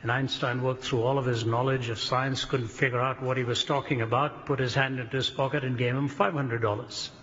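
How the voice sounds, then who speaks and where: A man telling a joke in a sermon with a deadpan delivery. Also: mid-range voice, brisk, few pauses. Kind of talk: sermon storytelling. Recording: dull, reverberant hall.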